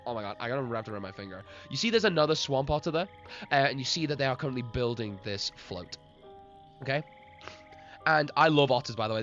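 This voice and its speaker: A man's voice: mid-range voice, a bit bright. A man narrating a live-streamed tabletop game as game master, rambling, laughing often and talking to chat. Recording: lo-fi stream with faint music.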